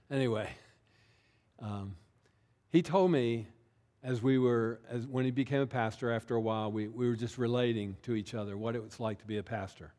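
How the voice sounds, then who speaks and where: Preaching in a relaxed, conversational manner, a male pastor keeps checking in with his listeners and slows to lean on important words. His voice is fairly low and warm.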